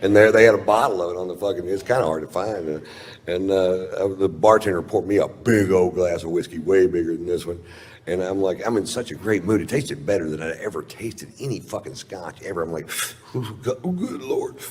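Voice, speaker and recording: Low-voiced profane stand-up comedian man. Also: fairly quick, a little mellow. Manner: profane, rambling, self-mocking. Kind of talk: stand-up storytelling. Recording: live stage with long reverb.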